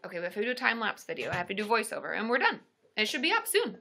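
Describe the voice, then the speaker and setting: Bright bubbly woman hosting a livestream. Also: a little high, big pitch swings, racing, gravelly. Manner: chatty, bubbly, answers viewer questions. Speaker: therapist and livestream host. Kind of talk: casual livestream chat.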